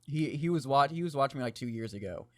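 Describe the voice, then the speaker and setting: A man's voice: medium pitch, lively intonation, fast talker, no echo, studio quality. Rambling, profane podcast co-host, a man. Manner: rambling, profane, laughs often. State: deep, crackly morning voice. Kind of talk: casual chat.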